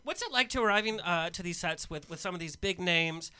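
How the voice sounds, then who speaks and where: A man's voice: sits high, animated, fairly quick, pushed and bright, smooth. A man co-hosting a casual interview, teasing and laughing easily. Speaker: co-host.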